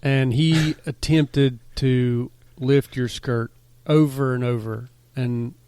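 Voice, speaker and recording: A man's voice: medium pitch, steady tone, slow, clean tone, no echo. A male podcast co-host in casual chat, teasing a friend with exaggerated setups. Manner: teasing, exaggerating, rises loud when mocking.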